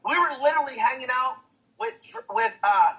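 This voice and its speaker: Husky high-pitched hyped-up man. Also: lively intonation, normal speed, pushed and bright, poor audio. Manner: hyped, repetitive, preachy, says "guys" and "guess what" a lot. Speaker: testimonial speaker. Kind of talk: motivational sales testimonial.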